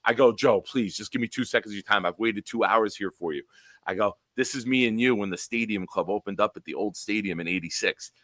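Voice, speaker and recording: Bright forceful guy in his 40s hosting, telling a wild sports story, swears a lot, kinda low voice, dry mic. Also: fairly quick, dry recording. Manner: profane, animated anecdote-telling with quoted dialogue. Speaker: show host. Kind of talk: casual storytelling on a sports talk show.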